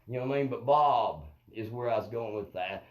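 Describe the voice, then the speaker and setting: A man's voice: on the low side, brisk, highs cut off. A man rambling through a profane comic monologue on a live stream, constantly checking in with his viewers. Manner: profane, rambling, keeps asking "you know what I mean". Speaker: comedian hosting a live stream. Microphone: phone or webcam on a live stream.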